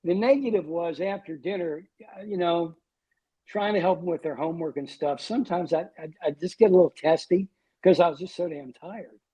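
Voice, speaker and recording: A man's voice: a little high, moderate pace, dark tone, husky, rough recording. A man in his sixties, a guest on a podcast, telling wry, self-deprecating stories. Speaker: guest, TV weatherman. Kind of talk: storytelling in a podcast interview.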